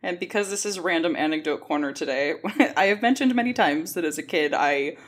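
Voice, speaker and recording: A woman from Mexico co-hosting a casual book podcast, chatty and quick to laugh. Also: low-pitched, expressive. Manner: chatty, laughs often, many fillers. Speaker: podcast co-host.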